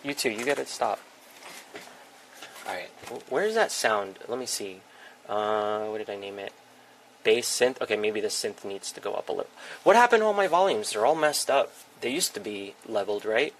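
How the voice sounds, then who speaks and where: A man's voice: on the low side, sing-song, normal speed, slight background noise, poor audio. A man hosting a casual livestream from a home music setup, chatting and scolding his pets in an exasperated way.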